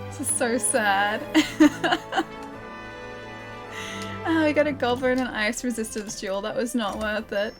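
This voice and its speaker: A young woman streaming a game, chatting casually with viewers, playful and giggly with lots of mock apologies. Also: a little high. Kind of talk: casual gameplay commentary reading chat. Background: game music.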